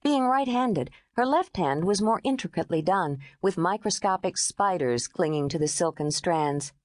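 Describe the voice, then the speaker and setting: A woman narrating an audiobook in smooth, expressive storytelling. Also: fairly low pitch, normal speed, no room sound, studio quality.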